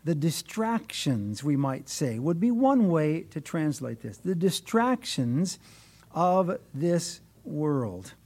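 Male pastor, high voice, sermon delivery with dramatic loud-soft swings. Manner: wide swings between emphatic and hushed delivery.

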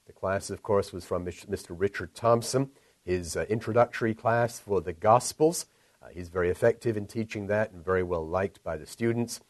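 A man delivering a recorded sermon as a pastor, measured and earnest, lifting his voice when he reads scripture. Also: low voice, darkish tone, no echo.

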